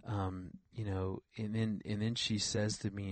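A man's voice: fairly low pitch, flat delivery, unhurried, dry recording. A middle-aged man who is a regular guest on a Christian radio show, telling stories earnestly and often repeating words as he thinks. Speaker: regular guest, relationship counselor. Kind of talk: radio interview, storytelling.

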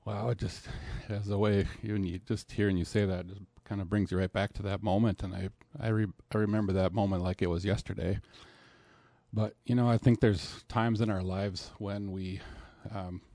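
A middle-aged man with a somewhat low, mellow voice speaks in a thoughtful, halting way. The sound is dry and close. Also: steady tone, no echo. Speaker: podcast co-host. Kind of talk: casual reflective chat.

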